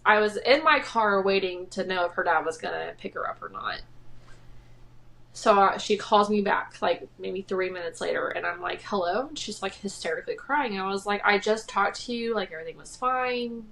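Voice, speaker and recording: A woman's voice: mid-range voice, normal speed, creaky, sharp tone, slight background noise. A young woman co-hosting a casual podcast, telling a story in a loose, rambling way. She fills it with likes and ums, and her voice has a slight nasal edge. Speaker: podcast co-host.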